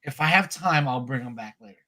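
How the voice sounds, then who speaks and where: A man co-hosting a casual comic collectibles podcast, telling an animated story with lots of restarts and fillers. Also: mid-range voice, quick pace, slight background noise. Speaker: podcast co-host.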